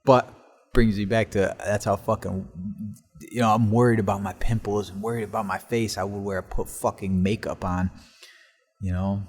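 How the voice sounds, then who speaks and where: Foul-mouthed rambling man, lowish voice. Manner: profane, rambling, swears constantly. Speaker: podcast host. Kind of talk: casual solo storytelling. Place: basement workshop in an old house. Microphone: laptop recording.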